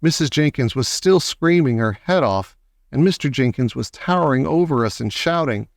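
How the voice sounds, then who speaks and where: A man narrating a children's novel aloud in a steady storytelling manner. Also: mid-range voice, normal speed, creaky, no room sound, clean studio sound. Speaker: audiobook reader. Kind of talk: scripted narration.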